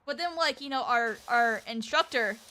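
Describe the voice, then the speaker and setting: A young woman with a high, bright, sharp-edged voice chats casually as a streamer. She rambles through a story, leaning on fillers and the occasional curse word. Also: moderate pace. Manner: rambling and chatty, with frequent fillers and swearing. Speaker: VTuber streamer.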